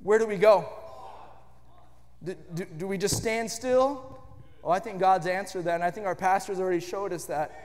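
A man with a strikingly high voice preaches a sermon and builds emphatically into shouted lines. His voice rings with the long reverb of a big church hall. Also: moderate pace, pauses often. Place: church sanctuary.

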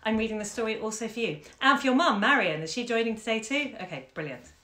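A woman hosting a live-streamed story reading from home, chatty and expressive with fillers. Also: fairly high pitch, quick pace. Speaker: bookshop owner and host. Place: home during lockdown. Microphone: phone camera. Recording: echoey room.

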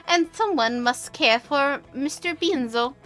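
A woman's voice: high-pitched, slow pace, fairly bright tone, faint music behind, pitched above the performer's own voice. A woman voicing a terrifying, child-eating old witch in an exaggerated put-on Italian accent, sing-song and theatrical. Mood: teasing.

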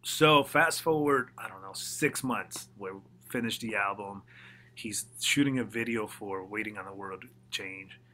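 A man, a mix engineer, telling studio stories in a casual interview, animated and swearing freely as he acts out what others said. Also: on the low side, unhurried, slight background noise.

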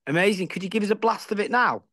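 A man's voice: sits high, very fast, a bit bright, slight background noise. A man chatting enthusiastically as a radio guest, joking along. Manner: enthusiastic, jokey banter. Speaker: interview guest. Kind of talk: casual chat.

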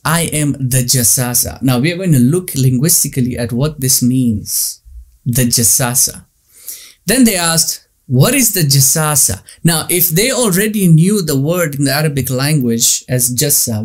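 A man's voice: a little high, slightly rough. A man giving a religious lecture, emphatic, repeating points and asking rhetorical questions.

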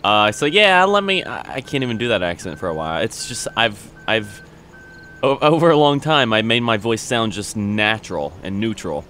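A man's voice: lowish voice, very animated, moderate pace, sharp tone, slight background noise. A man casually commenting on a farming game, rambling and correcting himself as he plays. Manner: rambling, self-correcting, chatty. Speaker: gameplay commentator.

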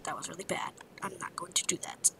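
A woman's voice: fairly low pitch, fairly even intonation, brisk, creaky, poor audio. Woman half-whispering game commentary. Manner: mutters to self, half-whispered, frustrated outbursts. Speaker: gamer. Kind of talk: let's play commentary.

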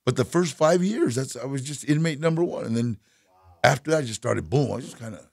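A man with a gravelly, husky voice tells stories as an interview guest, circling back and restarting his sentences. His pitch sits in an ordinary middle range. The sound is dry and close, with no room echo. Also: lively intonation, fairly quick, a little mellow. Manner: rambling, many restarts, laughs often. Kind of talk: casual storytelling.

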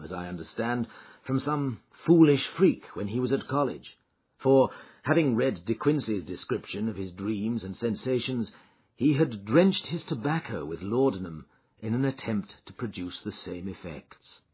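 Husky man narrating a classic story. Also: mid-range voice, normal speed. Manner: expressive, dramatic storytelling. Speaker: audiobook narrator. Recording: dull lo-fi recording.

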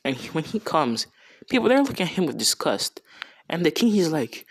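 A man's voice: on the high side, sing-song, normal speed, breathy edge, dry recording. A young man improvising a fan story in a rambling, slangy, casual way with many restarts.

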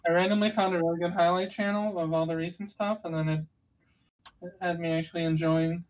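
A woman's voice: lowish voice, fairly even intonation, fairly quick, darkish tone, low-quality recording. A woman co-hosting a gaming podcast, explaining strategy in long, rambling runs with many restarts. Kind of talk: casual gaming chat.

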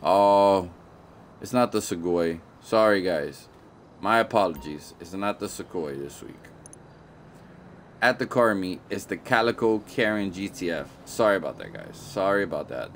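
Laid-back low-voiced male game streamer. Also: a little hiss or hum. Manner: playful, slangy, often apologetic, repeats himself. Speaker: gaming streamer. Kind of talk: casual live-stream commentary.

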